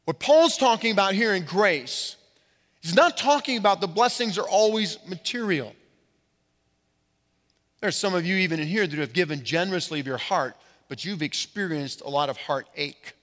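Man, pastor, emphatic sermon, slow stressed words, long hall reverb. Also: high voice, lively intonation, fairly bright tone. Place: church sanctuary.

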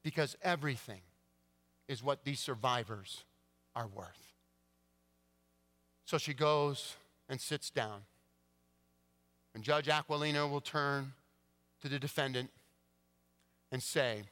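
A male pastor preaching a sermon, swinging between hushed, quiet passages and emphatic, rising declarations. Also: mid-range voice, takes it slowly, pauses often. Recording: long church-hall reverb.

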